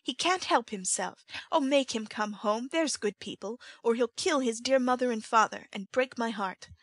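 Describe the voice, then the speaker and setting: Brief: a young street woman, pitched up, loud dramatic pleas, read by a woman, dry sound. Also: normal speed, no room sound. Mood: pleading.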